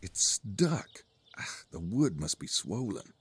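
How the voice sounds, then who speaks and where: A man playing a gruff adult detective hero in a game, with a dry, laconic delivery. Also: fairly low pitch, big pitch swings, slow, dry recording, exaggerated voice. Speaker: game character. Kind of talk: recorded game dialogue.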